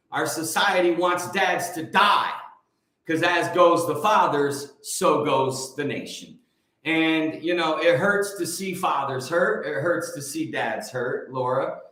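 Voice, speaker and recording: A man's voice: fairly high pitch, a bit bright. A man hosting a casual morning livestream, greeting viewers by name and making emphatic, preachy points. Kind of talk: casual live-stream chat with viewers. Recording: very echoey room.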